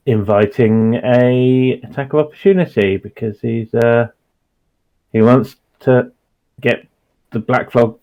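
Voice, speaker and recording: Tabletop player, a man, slow and unhurried, hesitant and full of fillers. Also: on the low side, a little mellow, smooth, lo-fi sound. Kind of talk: describing his character's actions in a tabletop game.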